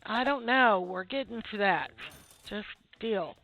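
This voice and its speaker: A woman's voice: mid-range voice, animated, unhurried, fairly bright tone. Laid-back woman half asleep narrating her game, thin lo-fi audio. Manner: drowsy, laid-back, chatty. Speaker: gameplay video host. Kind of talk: relaxed gameplay commentary. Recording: tinny phone-like audio with faint game music.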